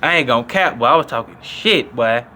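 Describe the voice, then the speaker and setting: A young man telling stories casually to his viewers, profane and animated, acting out what people said. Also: fairly quick, a little hiss or hum. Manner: animated, acts out quotes with higher voice; profane, repetitive slang. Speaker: vlogger. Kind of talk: casual storytelling.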